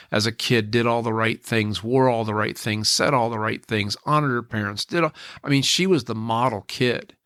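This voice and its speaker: A man's voice: fairly low pitch, a bit bright, dry recording, clean studio sound. A middle-aged man, a podcast guest, telling a personal story in an earnest, reflective way with frequent restarts.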